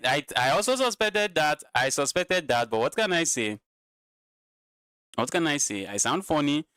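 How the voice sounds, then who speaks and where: Man streaming live chess, smooth dry voice. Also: on the high side, a bit bright, dry recording. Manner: repeats himself, talks to chat. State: tired.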